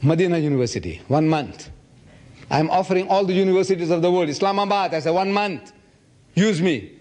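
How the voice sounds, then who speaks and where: A man in his seventies giving a public lecture and answering audience questions, telling stories with lively energy. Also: fairly quick. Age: 70s. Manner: animated storytelling, acts out others' voices with big pitch jumps.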